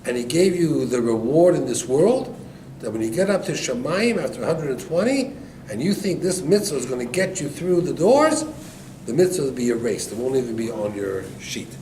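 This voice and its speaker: A man's voice: medium pitch, very animated, normal speed, dark tone. A man voicing a stern male angel who rebukes firmly, recorded far off in an echoey, noisy room. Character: stern male angel delivering heavenly judgment. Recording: echoey room, distant mic, background noise.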